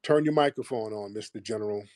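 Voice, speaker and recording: A man's voice: fairly low pitch, quick pace, a little mellow, dry recording, clean studio sound. A man hosting a live call-in show, casual and combative, mocking and insulting his callers.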